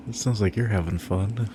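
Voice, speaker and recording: A man's voice: lowish voice, noisy background. A sleepy, yawning man chatting casually while playing a game live, laid-back and swearing now and then. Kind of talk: casual live gameplay chat. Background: game music.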